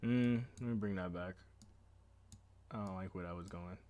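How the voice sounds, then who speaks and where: A man, casually commenting to himself as he edits a video, relaxed and slangy. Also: sits low, normal speed. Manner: relaxed, thinking aloud, slangy. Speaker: video editor. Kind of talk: casual commentary while editing.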